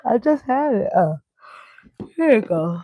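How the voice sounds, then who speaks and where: A woman's voice: fairly high pitch, sing-song, measured pace, dark tone. A woman chatting casually on a stream while reading a book aloud, blunt and joking, swearing freely, on a handheld mic at home. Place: indoors at home.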